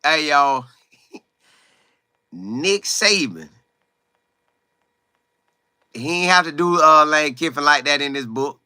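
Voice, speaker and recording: Bright-voiced man chatting live. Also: fairly high pitch, clear, resonant tone, no echo, clean studio sound. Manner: animated, greets viewers by name, talks in quick bursts. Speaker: livestream host. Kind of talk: casual live chat about football.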